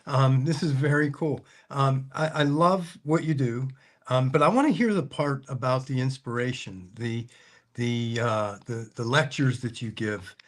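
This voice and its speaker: A man's voice: mid-range voice, a little slow. A man hosting a casual interview, rambling and hesitant with many fillers. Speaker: host, car dealer.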